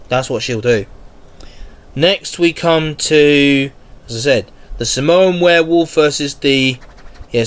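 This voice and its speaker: A man's voice: medium pitch, fairly bright tone, clear, resonant tone. A man hosting a casual solo wrestling podcast, rambling and restarting his sentences, with a cold. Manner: slow, rambling, restarts often. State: has a cold. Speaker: podcast host.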